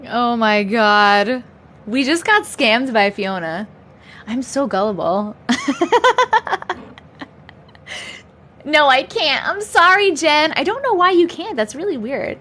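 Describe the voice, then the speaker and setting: Live-stream host, woman in her 30s: animated, high voice, giggly, faint background noise. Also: normal speed. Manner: laughs often, chatty and upbeat. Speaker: livestream host. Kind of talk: casual live-stream chat.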